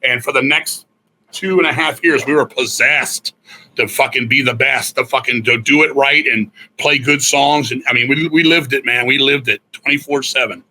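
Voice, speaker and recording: Bright-voiced, profane male storyteller. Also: mid-range voice, normal speed. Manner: profane, rambling, self-correcting storyteller. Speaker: guest musician. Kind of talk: candid storytelling interview.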